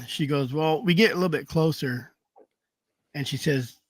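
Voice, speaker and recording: Higher-pitched man swapping hunting stories on a video call, rambling and laughing often, dry sound. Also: unhurried, dry recording. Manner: rambling, laughs through anecdotes. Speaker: hound hunter telling stories. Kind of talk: casual storytelling chat.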